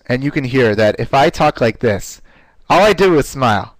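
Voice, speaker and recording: A man teaching a live online class in an upbeat, conversational way, often pausing with "uh" fillers. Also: animated, no echo, poor audio. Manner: playfully shifts pitch to demonstrate voice technique. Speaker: webinar presenter.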